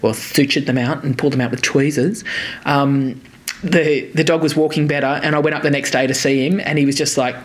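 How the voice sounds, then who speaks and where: A person telling a rambling story as a podcast co-host, animated, swearing freely and laughing often. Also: mid-range voice, fairly quick. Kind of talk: casual chat, anecdote telling.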